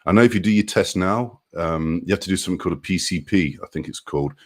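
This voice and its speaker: Talking fast in a low voice, a trucker chats on a live stream, greeting people by name and reading their comments aloud. Laughter comes often.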